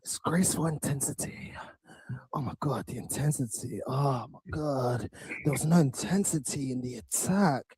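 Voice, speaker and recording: A man giving a football talk, mostly in a breathy whisper. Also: mid-range voice, normal speed, a little mellow, dry recording. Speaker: football vlogger.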